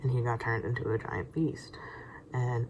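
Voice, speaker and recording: A young man vlogs in a medium-pitched voice at normal speed, rambling casually through his monologue. Stammered restarts and whispered asides punctuate it, and background noise stays steady throughout.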